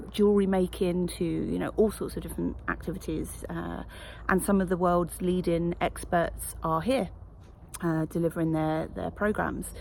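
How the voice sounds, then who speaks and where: A woman vlogging in a chatty, reflective way, with a gravelly, creaky edge to her fairly low voice. She talks with plenty of ums and uhs, and a faint hiss sits under the recording. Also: a little mellow. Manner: chatty, reflective, many fillers. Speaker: coach. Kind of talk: casual vlog to camera. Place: wellness retreat.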